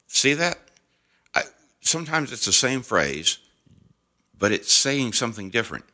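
A man with a deep voice and a crisp, forceful brightness in his tone, hosting a morning devotional podcast. He preaches in an earnest, encouraging way. He repeats key phrases and shifts the stress each time. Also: sing-song, unhurried.

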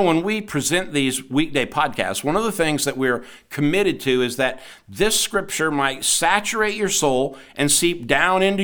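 Male podcast preacher, earnest and emphatic, slightly higher voice, devotional sermon read. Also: a bit bright. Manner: earnest, asks listeners rhetorical questions.

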